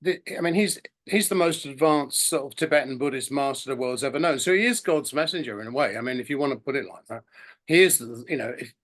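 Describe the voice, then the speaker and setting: A man's voice: medium pitch, fast, fairly bright tone. A middle-aged man telling long stories as a guest in a casual interview, often restarting his sentences and acting out what others said. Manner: rambling storyteller, many restarts and acted-out quotes. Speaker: podcast guest.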